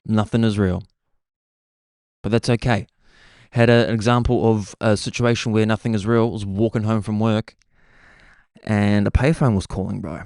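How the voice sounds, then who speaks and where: In a casual, rambling podcast monologue, a young host keeps saying "bro" as he drifts from point to point. His voice sits on the low side, gravelly yet a little mellow, with fairly even intonation, normal speed and long pauses. Studio quality, clean and dry.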